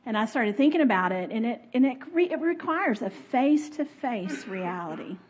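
Middle-aged woman preacher, husky and a touch high, chatty and expressive with frequent laughs. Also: normal speed. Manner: expressive, laughs often, talks with the audience. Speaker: speaker. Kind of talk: conversational sermon.

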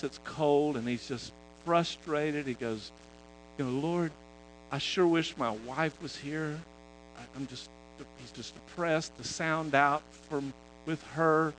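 A man preaching in a loose, conversational way, retelling a story with many halting restarts. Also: fairly high pitch, poor audio. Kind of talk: sermon storytelling.

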